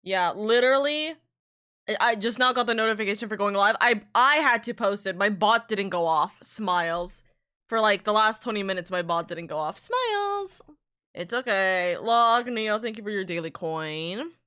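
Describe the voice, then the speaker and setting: Bright-voiced woman streamer chatting. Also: medium pitch, moderate pace, clear, resonant tone. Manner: chatty, reads out and thanks chat messages; rambling, self-interrupting asides. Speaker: VTuber streamer. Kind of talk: casual live-stream chat.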